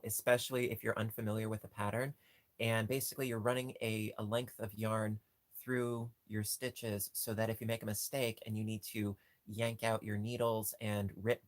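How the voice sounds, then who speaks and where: With no room sound in the recording, a male livestream host chats casually, rambling and frequently starting over. Whenever something cute comes up, he gushes and his voice shoots up into a high squeak.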